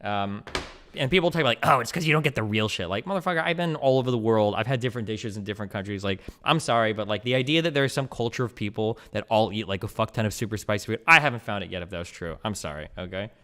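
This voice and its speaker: A man streaming, ranting casually about food with profane, animated, opinionated talk full of "like" fillers. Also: lowish voice, fast. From United States. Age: 30s.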